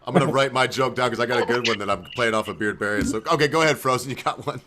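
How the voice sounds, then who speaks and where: A man's voice: mid-range voice, rapid-fire, background noise. A man hosting a casual group chat, rambling loosely and laughing often. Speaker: host.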